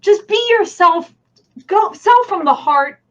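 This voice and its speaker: A woman with a New Jersey accent, a guest in a casual interview over a video call, enthusiastic and quick to laugh. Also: extremely high pitch, lively intonation, fairly bright tone, lo-fi sound.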